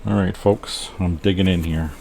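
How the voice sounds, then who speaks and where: A middle-aged man chatting casually and excitedly while unboxing comic books for his channel. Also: low-pitched, moderate pace, noisy background. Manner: excitable, exclaims often. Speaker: comic book vlogger.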